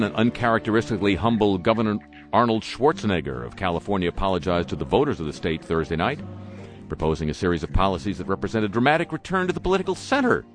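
A man from New hosting talk radio, reading the news with dry, sarcastic asides. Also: sits low. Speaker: radio host.

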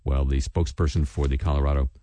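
A man's voice: very deep voice, level tone, fast, warm tone, no echo. A man hosting a satirical news commentary, reading items and adding sardonic asides and mock voices. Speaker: radio commentary host.

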